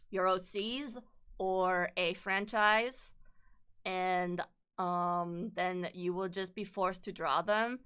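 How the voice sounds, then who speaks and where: A woman's voice: mid-range voice, fairly bright tone, clean tone. A woman streamer chatting casually and rambling while she draws, self-deprecating and swearing freely. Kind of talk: casual live-stream chat while drawing.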